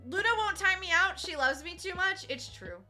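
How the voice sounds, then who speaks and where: A woman's voice: very high voice, expressive, moderate pace, sharp tone, faint music behind. A young woman streaming casually while cross-stitching, chatty and teasing, swearing freely and laughing often.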